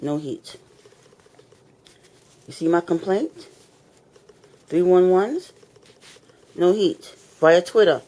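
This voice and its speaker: Low-ish and expressive, her voice carries a dark tone, moving slowly with long pauses. She's a tenant shooting a complaint video in her apartment, venting angrily into her phone camera, swearing, repeating herself and confrontational, clearly fed up.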